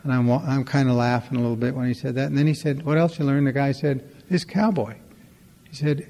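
Older guy with a gravelly mellow voice telling wry recovery stories, echoey hall. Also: medium pitch, brisk. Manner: conversational, acts out dialogue, wry humor. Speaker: recovery meeting speaker. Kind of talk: storytelling talk to a recovery meeting.

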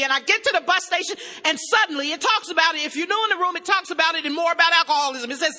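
A woman's voice: very high-pitched, fast, hardly any pauses, sharp tone. A woman on stage telling her recovery story to a meeting, emotional and blunt, joking with the audience into a stage mic. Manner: banters with the audience. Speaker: recovering alcoholic speaker at a meeting. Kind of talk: personal recovery testimony. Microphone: stage microphone. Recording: echoey hall with long reverb.

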